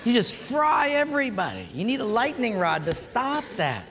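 A male pastor with a high, bright-pitched voice preaches in a church. He tells animated stories with playful sound effects. His voice carries a long, echoing reverb from the hall. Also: normal speed, noisy background. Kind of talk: sermon.

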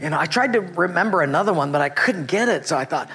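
A middle-aged man preaching a sermon, telling a personal story and acting out his own past thoughts with animated delivery. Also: a little high, quick pace, few pauses. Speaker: pastor.

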